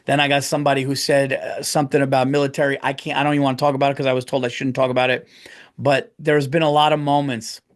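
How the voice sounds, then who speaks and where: A man hosting his own podcast, talking alone in a rambling, profane way that swings into loud rants. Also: medium pitch, little pitch movement, fast talker. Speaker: podcast host. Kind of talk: casual solo podcast monologue.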